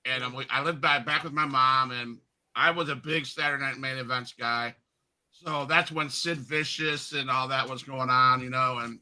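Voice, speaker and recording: A man in his fifties hosting an interview, telling stories in a chatty, animated way. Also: medium pitch, moderate pace, low-quality recording. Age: 50s. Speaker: podcast host. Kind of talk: casual interview storytelling.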